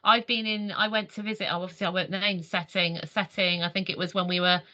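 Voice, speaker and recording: A woman's voice: lowish voice, flat delivery, fast, sharp tone, highs cut off. An English woman on a video call, telling a story in a training session, often restarting her sentences. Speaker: early years adviser. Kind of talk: sharing an anecdote in online training.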